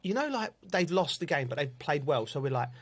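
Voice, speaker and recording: A man tells stories from the commentary box in casual podcast banter. He talks in an animated, laughing way, and his voice sits a little high. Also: fairly quick. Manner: laughing storyteller, animated and chatty. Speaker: football commentator and pundit.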